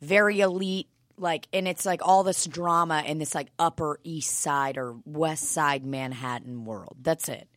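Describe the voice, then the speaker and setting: A woman's voice: sits low, a little slow, hardly any pauses, a bit bright, no echo, clean studio sound. A woman in casual conversation, rambling through a story with plenty of fillers and swearing. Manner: profane, rambling with lots of fillers. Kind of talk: casual chat.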